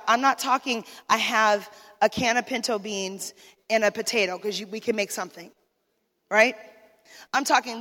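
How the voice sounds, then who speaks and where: A woman's voice: on the high side, fairly bright tone. Woman preacher telling her story. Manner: emotional storytelling, talking straight to the listeners. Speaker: minister's wife giving testimony. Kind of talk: sermon testimony. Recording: long hall reverb.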